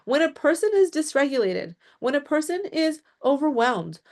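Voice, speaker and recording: Woman teaching, slightly high voice. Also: sing-song, normal speed, a little mellow. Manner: explanatory, checks in with frequent "right?" and "okay?". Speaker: workshop presenter. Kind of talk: teaching a mental health workshop.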